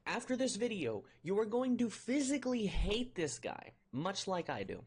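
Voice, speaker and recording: A woman's voice: medium pitch, big pitch swings, moderate pace, darkish tone, slightly rough. A woman ranting indignantly in her own video commentary.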